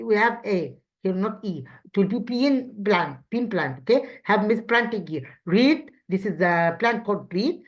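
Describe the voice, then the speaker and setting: A female teacher with an Egyptian accent, whose first language is Arabic, walks children through an English lesson, stopping to restart and quizzing them with questions. Her voice sits in the mid range, and the recording sounds dull and lo-fi.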